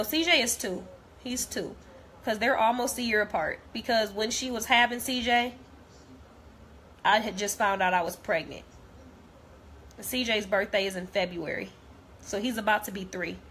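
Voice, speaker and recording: Young woman, bright tense voice, blunt profane venting, faint background hiss. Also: mid-range voice, moderate pace. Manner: blunt, repetitive, heated, profane. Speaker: vlogger. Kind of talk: direct-to-camera rant.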